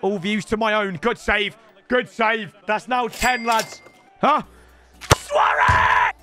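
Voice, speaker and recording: A young man with a British accent giving excitable, shouty live commentary on his football game as a streamer, bantering with chat. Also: high-pitched, measured pace, noisy background. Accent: British English. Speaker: gaming streamer.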